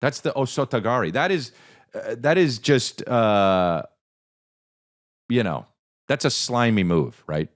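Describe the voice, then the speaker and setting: A man hosting a podcast who tells a story in a casual, animated, profane way and acts out the voices of the people in it. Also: mid-range voice, a little slow, pauses often. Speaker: podcast host.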